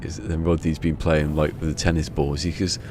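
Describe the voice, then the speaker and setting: Very deep-voiced man rambling. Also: fairly quick, over music. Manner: rambling, chuckling storyteller. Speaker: game streamer. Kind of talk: casual chat while gaming. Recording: steady rumble behind the voice.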